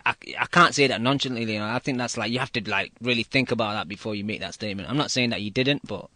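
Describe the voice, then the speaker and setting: A man's voice: medium pitch, fast, pushed and bright, dry recording. A man co-hosting a casual podcast chat, hedging with lots of "like" and "man" and swearing now and then. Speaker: podcast co-host. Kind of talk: casual chat about boxing.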